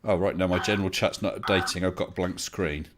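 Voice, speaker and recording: Over a noisy background, a man hosting a casual online debate on a livestream speaks in a steady, somewhat low voice through what sounds like a home computer mic on a call. Courteous and laughing easily, he keeps stopping and restarting as he works through his thoughts.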